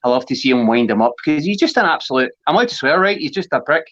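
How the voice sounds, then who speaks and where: A man's voice: on the high side, lively intonation, quick pace, fairly bright tone, highs cut off. A Scottish man chatting as a wrestling guest, blunt and sweary, laughing often. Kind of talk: casual chat.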